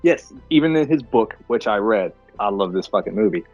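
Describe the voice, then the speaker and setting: A man co-hosting a movie podcast, chatting casually over beer, excitable and swearing a lot as he acts out scenes. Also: fairly low pitch, fairly quick, creaky, muffled recording, faint music behind. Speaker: podcast co-host.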